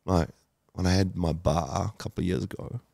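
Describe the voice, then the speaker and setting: A man's voice: deep voice, steady tone, brisk, vocal fry, a little mellow, dry recording, studio quality. A man in his thirties, a podcast guest, telling his story candidly and emotionally, with lots of swearing, fillers and restarts. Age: 30s.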